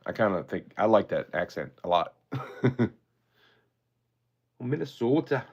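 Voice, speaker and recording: Low-voiced man hosting a casual stream auction. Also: a little fast, dull audio. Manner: chatty, laid-back, often thanks viewers. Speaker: live-stream auction host.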